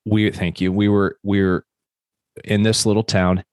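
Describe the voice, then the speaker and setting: Middle-aged man co-host, very low pitch, dry sound, animated storytelling. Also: brisk, dry recording. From United States. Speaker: podcast co-host. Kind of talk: casual chat.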